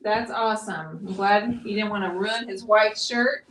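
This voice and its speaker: Friendly and chatty, this middle-aged woman walks viewers through each brushstroke on her live painting stream. Her voice is mid-pitched and a touch bright, her pace normal, with a little background noise.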